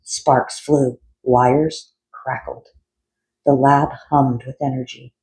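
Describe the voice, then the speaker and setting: A man reading a children's picture book aloud in a measured, expressive way. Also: medium pitch, low-quality recording. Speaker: storyteller.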